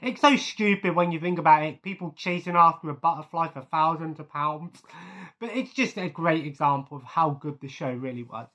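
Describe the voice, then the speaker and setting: A man's voice: fairly high pitch, normal speed, pushed and bright. A man in casual chat, rambling through his favourite scenes with many fillers and chuckles. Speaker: vlogger.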